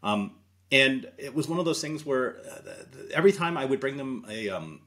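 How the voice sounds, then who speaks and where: A man's voice: mid-range voice, expressive, moderate pace, a bit bright. A middle-aged man, an investor guest in an interview, telling stories with many fillers and acting out remembered dialogue. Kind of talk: interview storytelling.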